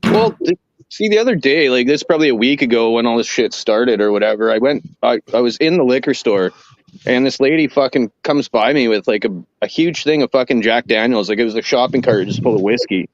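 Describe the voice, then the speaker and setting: A man in casual chat with a very lively, swooping pitch, cursing his way through stories. His voice comes across dull and dry, with a lo-fi sound. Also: brisk, no room sound. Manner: profane, animated storyteller.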